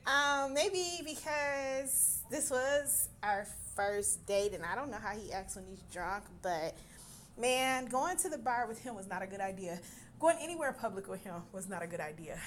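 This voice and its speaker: Young woman, storyteller; lively, exasperated, salty delivery, bright higher voice. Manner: animated, exasperated, swears freely, laughs while telling. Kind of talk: casual storytelling.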